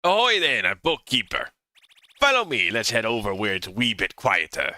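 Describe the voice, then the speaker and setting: A man's voice: on the low side, big pitch swings, moderate pace, pushed and bright, full character voice. A man voicing a boisterous, drunk male pirate sea captain in a put-on pirate brogue, rolling his words and slurring them. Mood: hearty.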